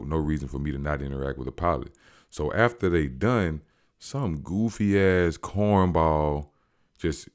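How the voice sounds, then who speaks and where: Low voiced guy recapping a show, real animated. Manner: animated, slangy, acts out quotes. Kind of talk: casual storytelling recap.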